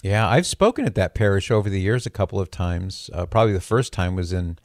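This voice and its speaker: Older guy radio host, low voice, chatty and jokey, kinda sarcastic, dry studio sound. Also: lively intonation, brisk, a little mellow, no echo. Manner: chatty, joking, lightly sarcastic. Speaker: radio call-in show host. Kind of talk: call-in radio talk. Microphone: studio microphone.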